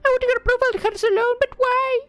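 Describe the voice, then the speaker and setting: A woman's voice: very high voice, steady tone, a little fast, no echo, soft background music, pitched above the performer's own voice. A woman voicing an anxious young princess who is turning into a fairy, speaking in an earnest, fretful, questioning way. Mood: yearning.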